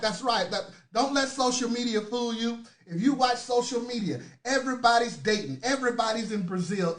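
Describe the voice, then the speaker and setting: A man hosting a live motivational talk, leading affirmations and calling out viewers by name in an energetic, preachy way. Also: extremely high pitch. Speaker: motivational host. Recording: roomy echoey sound.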